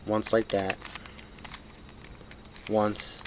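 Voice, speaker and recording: A man's voice: lowish voice, completely flat delivery, extremely slow, background noise. Apologetic young man at a camera mic. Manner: self-deprecating, apologetic, talks while fumbling. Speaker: hobbyist showing a puzzle solve. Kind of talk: casual home tutorial.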